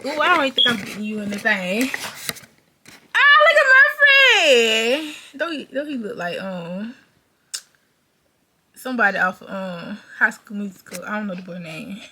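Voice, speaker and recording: A young woman vlogging casually to her viewers on a phone camera, excitable and chatty. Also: mid-range voice, normal speed, slight background noise. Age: young adult. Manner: excitable, talks to viewers as y'all. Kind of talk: casual vlog chat.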